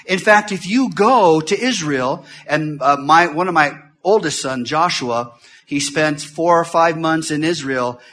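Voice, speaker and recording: Fast-talking preacher man, bright voice. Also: on the high side. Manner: fast-talking, swings from loud to hushed. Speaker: visiting pastor. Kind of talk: sermon. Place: church.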